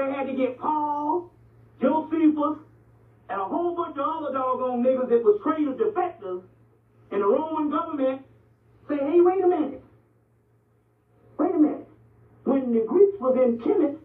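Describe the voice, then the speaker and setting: A high-pitched man gives a blunt, profane street-talk lecture on ancient Egyptian history and religion, animated and constantly checking in with "you see what I'm saying." He sounds thin and phone-like, distant from the mic in an echoing room.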